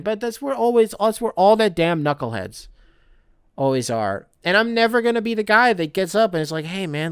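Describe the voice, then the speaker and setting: A man's voice: fairly high pitch, fairly bright tone, clear, resonant tone, no echo, studio quality. A young man hosting a podcast, rambling and swearing in a self-mocking way. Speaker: podcast host. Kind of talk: casual solo podcast monologue.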